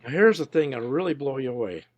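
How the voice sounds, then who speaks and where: He is a researcher appearing as an interview guest, with an animated, gravelly, husky mid-range voice and a quick pace. The recording has its highs cut off, and he tells casual stories, often voicing the people he quotes.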